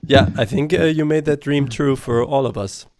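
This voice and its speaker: A man's voice: mid-range voice, moderate pace, darkish tone, dry recording, clean studio sound. A man, a tour manager, explaining things at length in casual chat and swearing casually over a video call.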